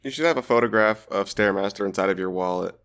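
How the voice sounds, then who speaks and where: Low-voiced laid-back male co-host. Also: fast, fairly bright tone. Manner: laid-back, dry humor. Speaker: podcast co-host. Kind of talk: casual podcast chat.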